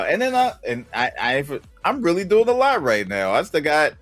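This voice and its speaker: A man's voice: normal speed, soft background music. A man co-hosting a casual tech chat, telling stories with lots of laughter. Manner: animated storytelling, acts out his own reactions in high squeaky voices; laughs a lot. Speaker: podcast co-host.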